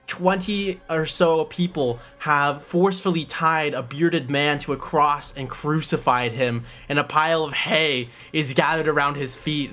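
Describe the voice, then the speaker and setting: Game master, man with a high voice, casual descriptive narration. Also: sharp tone.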